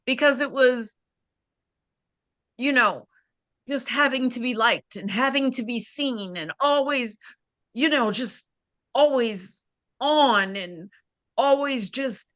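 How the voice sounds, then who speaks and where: A woman coach with a bright, crisp voice, talking at an unhurried pace as she shares candidly in a women's support circle. She speaks conversationally with plenty of "you know" and "like," close and dry over a video call. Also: fairly high pitch, dry recording.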